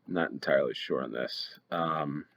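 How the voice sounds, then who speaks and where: This American host's voice sits at an extremely low pitch yet sounds fairly bright, and his pace is normal. As he leads a play-along geography game, he hesitates with ums while deliberating over each answer.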